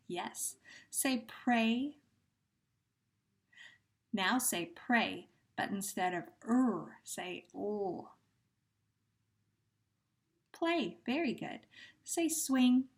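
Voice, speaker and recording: Woman, teacher, unhurried speech, mid pitch, patient sound drills for children. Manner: slow, patient drills with pauses and gentle praise. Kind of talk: phonemic awareness lesson for young children.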